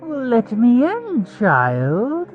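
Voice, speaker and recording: A man voicing a creepy, menacing male killer clown in an animated horror story, with a creaky, taunting sing-song delivery. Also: very high voice, drawn-out words, phone-quality sound, faint music behind, pitched above the performer's own voice, exaggerated voice.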